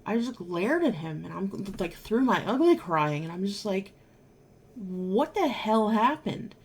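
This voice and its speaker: A woman's voice: mid-range voice, sing-song, moderate pace, slightly rough. A married woman vlogger telling a personal story to camera in an emphatic, exasperated way, now and then swearing. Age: adult, married.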